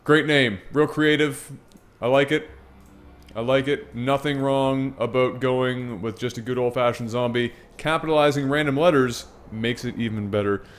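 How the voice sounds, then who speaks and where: A man's voice: mid-range voice, fairly even intonation, moderate pace. A man casting a video game match in a casual, joking, irreverent way, swearing now and then. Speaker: game commentator. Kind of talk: casual esports commentary.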